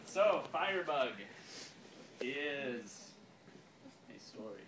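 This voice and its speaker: A man casually pitching a story to a group, laughing often and restarting his sentences. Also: big pitch swings, noisy background. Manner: giggly, keeps breaking into laughs; halting, many restarts. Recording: echoey room, far from mic, crowd around.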